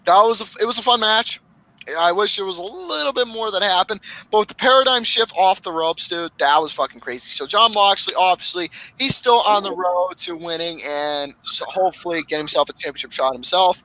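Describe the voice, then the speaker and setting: A man hosting a casual podcast, recapping wrestling matches with lots of swearing and excitement. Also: sits high, brisk, no echo, rough recording. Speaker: podcast host.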